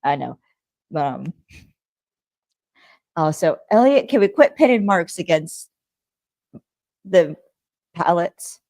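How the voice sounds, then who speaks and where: A woman's voice: lowish voice, sing-song, takes it slowly, pauses often, a little mellow, no room sound. A woman co-hosting a podcast in casual chat, rambling with lots of fillers and laughing easily. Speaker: podcast co-host.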